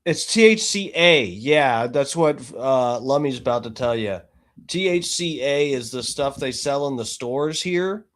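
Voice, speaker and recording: A man hosting a podcast, talking loudly and excitably in casual chat, with frequent swearing. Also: medium pitch, unhurried. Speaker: podcast host.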